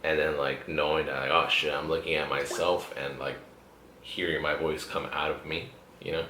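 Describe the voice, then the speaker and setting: Swearing freely and laughing a lot, this young man hosts a casual, laid-back podcast recorded in an echoey room with a little hiss or hum. His bass voice comes out pushed and bright, with a flat delivery at a moderate pace.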